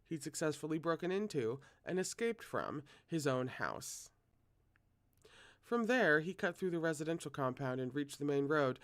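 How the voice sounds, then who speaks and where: Male read-aloud narrator, fairly high voice, steady delivery. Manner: steady, occasional self-corrections. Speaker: reader. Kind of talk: reading a novel aloud.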